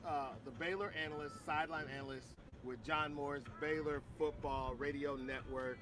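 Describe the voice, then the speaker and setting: A man from Missouri hosting a casual livestream outdoors at a tailgate, upbeat and quick to laugh. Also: fairly high pitch, steady tone. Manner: upbeat, laughs often, thanks sponsors. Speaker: livestream host. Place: outdoor tailgate area beside a stadium.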